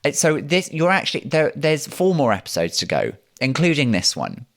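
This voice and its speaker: A man's voice: fairly high pitch, big pitch swings, moderate pace. A man hosting a comedy podcast, chatting in a bouncy, self-mocking way full of jokey asides. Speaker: podcast host. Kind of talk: comic podcast monologue.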